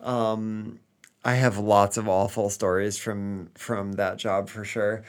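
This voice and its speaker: A man's voice: lowish voice, flat delivery, takes it slowly. Hesitant man chatting casually. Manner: hesitant, many ums and restarts. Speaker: podcast co-host. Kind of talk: casual chat.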